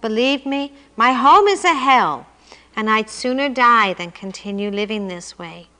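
A woman's voice: fairly high pitch, expressive, measured pace, bright, forceful tone, in a large hall. A woman voicing a desperate poor man who pleads and complains, reading him aloud in a story. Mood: pleading. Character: desperate poor man at his wits' end.

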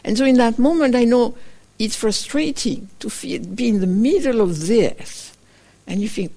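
A woman meditation teacher giving a dharma talk, telling a story gently and reflectively, often acting out her own inner voice in short quoted asides. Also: a little high, moderate pace. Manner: gentle, reflective, with frequent fillers like "kind of". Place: meditation retreat center.

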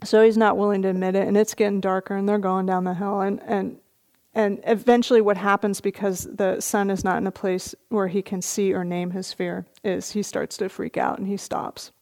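A middle-aged woman, a meditation teacher, giving a dharma talk at a retreat, telling a story gently with soft laughs. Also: medium pitch, level tone, normal speed, few pauses.

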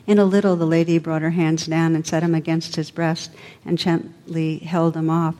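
A woman meditation teacher narrates an old legend during a dharma talk, her pace soft and measured. Her voice is low and mellow. A long hall reverb hangs behind it. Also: little pitch movement.

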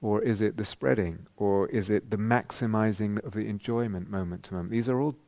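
A man's voice: on the low side, brisk, creaky, warm tone, dry recording. A middle-aged man giving a dharma talk as a meditation teacher, reflective and searching, with frequent ums and rhetorical questions.

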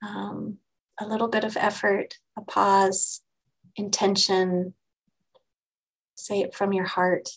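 A woman meditation teacher giving a dharma talk to her group, gentle and unhurried, pausing and restarting often. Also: mid-range voice, level tone, creaky, husky, low-quality recording.

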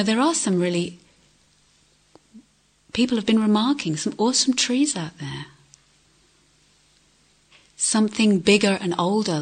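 A woman giving a reflective dharma talk as a meditation teacher, asking questions and often dropping to soft near-whispers. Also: medium pitch, slightly rough. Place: retreat centre hall.

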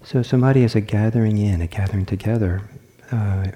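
A man giving a dharma talk as a meditation teacher at a retreat, speaking gently and reflectively, often halting and restarting his sentences. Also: on the low side.

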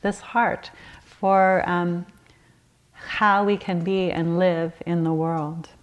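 A woman's voice: on the low side, flat delivery, takes it slowly, dull audio. A woman in her forties giving a candid, laughing talk as a meditation teacher at a retreat. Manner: warm, candid, storytelling with laughs and self-corrections.

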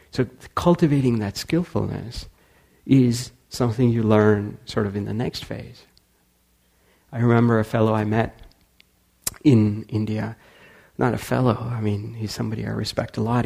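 A man with a gravelly, slightly husky voice gives a storytelling talk to a meditation group. He is animated and acts out the dialogue of the people he describes. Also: fairly low pitch. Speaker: speaker at a meditation community.

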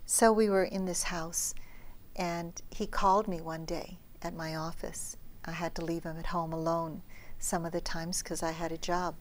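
A middle-aged woman meditation teacher giving a dharma talk at a retreat, telling stories gently and often dropping to a soft near-whisper. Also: fairly low pitch, flat delivery, moderate pace, a little hiss or hum.

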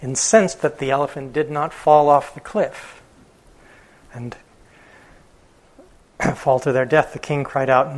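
Meditation teacher guy telling a story, relaxed, some ums and chuckles, mid pitch. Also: slow pace, pauses often, rough recording. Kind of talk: storytelling dharma talk.

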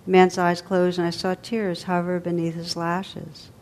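A woman with a slightly low voice reads a story aloud. Her telling is measured and vivid, and she gives each detail its full weight. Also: flat delivery, a little mellow. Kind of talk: storytelling reading.

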